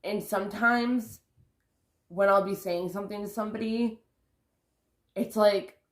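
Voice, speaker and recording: A woman's voice: medium pitch, fairly even intonation, measured pace, reverberant. A woman talking casually to her vlog camera about spiritual growth, rambling and correcting herself as she goes. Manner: rambling, self-correcting, sighs and laughs. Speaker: vlogger.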